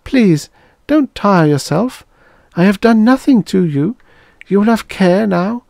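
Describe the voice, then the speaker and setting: A man's voice: high-pitched, expressive, takes it slowly, creaky, a little mellow, no echo, studio quality, pitched above the performer's own voice, exaggerated voice. A man voicing a prim, pleading old wife. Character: elderly woman, prim, grieving, devoted wife.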